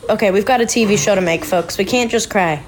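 A woman co-hosting a podcast, giving blunt, excitable casual commentary with plenty of swearing as she watches a TV show. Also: mid-range voice, quick pace. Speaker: podcast co-host.

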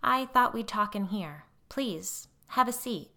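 A woman's voice: mid-range voice, animated, takes it slowly, bright, forceful tone, pitched above the performer's own voice, heavily acted. Woman doing a tense, pleading mother. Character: tense, defensive middle-aged mother, pleading.

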